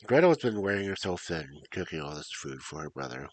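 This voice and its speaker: A man's voice: low voice, sing-song, a little fast. A man reading fairy tales aloud with joking asides, laughing often and a bit tipsy. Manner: joking, laughs often, addresses listeners as cubs. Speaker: storyteller.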